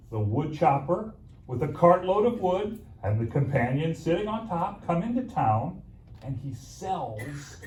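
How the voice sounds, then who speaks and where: A man preaching through a story at an unhurried pace, with dramatic pauses and playful asides. His voice is mellow and swoops up and down lively. The sound is roomy and distant, with a faint hum of ambience behind. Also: a little high. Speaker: pastor. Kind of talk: sermon storytelling. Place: church sanctuary. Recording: echoey church room, mic from afar, faint ambience.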